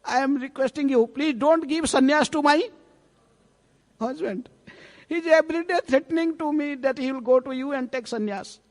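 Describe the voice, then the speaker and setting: A harried young wife, her voice pitched well above a normal man's, either pleading anxiously or shouting in anger, as a male preacher acts her out. It carries a long, ringing hall reverb. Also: normal speed.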